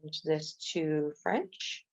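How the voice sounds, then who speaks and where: A woman's voice: sits low, sing-song, extremely slow, creaky. A woman coding instructor walking through a screen-recorded coding tutorial step by step, with casual fillers. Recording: dull lo-fi recording.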